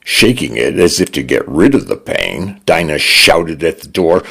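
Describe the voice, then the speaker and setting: Low, slow male narrator for a radio story hour, very expressive. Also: vocal fry, slightly rough. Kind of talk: scripted narration.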